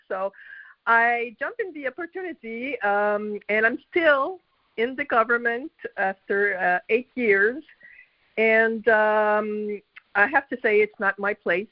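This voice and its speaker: Middle-aged Québécois woman, slow and halting. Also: medium pitch, dry recording. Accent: Québécois French. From Quebec, Canada. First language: French. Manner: hesitant, many fillers, laughs often. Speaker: guest. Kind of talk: telling her story on a group call. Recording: dull lo-fi call audio.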